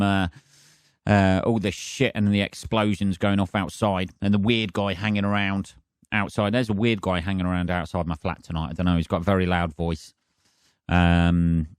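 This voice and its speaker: A man hosting his own podcast from his flat, ranting casually with lots of swearing and sarcasm. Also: lowish voice, no room sound, clean studio sound. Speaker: podcast host. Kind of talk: casual solo podcast rant. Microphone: decent home podcast setup.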